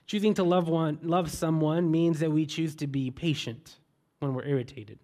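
A man preaching a sermon, telling a story in a relaxed way and asking repeated rhetorical questions. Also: a little high, moderate pace.

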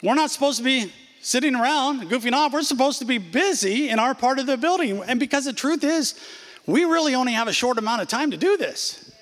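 High-voiced preaching man in his sixties. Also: lively intonation, a little fast, fairly bright tone, in a large hall. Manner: emphatic preaching with repeated phrases and asides. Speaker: pastor. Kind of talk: sermon. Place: church sanctuary.

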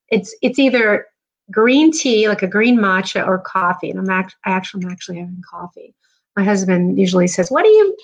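A woman's voice: medium pitch, a bit bright. A middle-aged woman from New Jersey hosting a live stream, chatting casually and rambling with lots of fillers. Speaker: podcast host.

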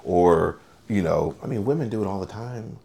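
This man, co-hosting a podcast, has a low, warm voice with vocal fry and speaks at a normal speed. His storytelling in the casual chat meanders and leans heavily on fillers.

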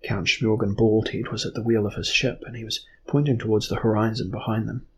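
A man narrating a fantasy novel as an audiobook in a measured, even storytelling manner. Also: fairly low pitch, a little hiss or hum.

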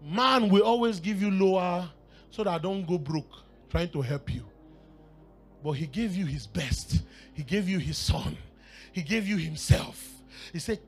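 A man preaching a sermon with fervor, dropping to a hush and then rising to shouts and half-sung phrases, sometimes speaking in tongues. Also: sits high, moderate pace, faint music behind. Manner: fervent, swings from hushed to shouting and half-singing.

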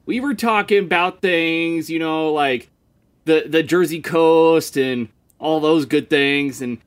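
A man playing Tarzan as a rambling, easily distracted father in an improvised comedy podcast, talking haltingly with many fillers. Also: fairly high pitch, clean tone.

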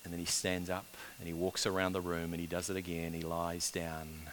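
A man preaching a sermon, swinging between loud urgent build-ups and hushed, quiet passages. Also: deep voice, completely flat delivery, a little fast, few pauses, a little hiss or hum. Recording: long reverb of a large hall.

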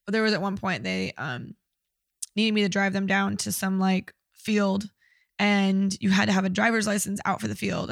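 A woman's voice: medium pitch, gravelly, fairly bright tone, dry recording, studio quality. A young woman telling a personal story in casual conversation, candid and blunt, swearing often.

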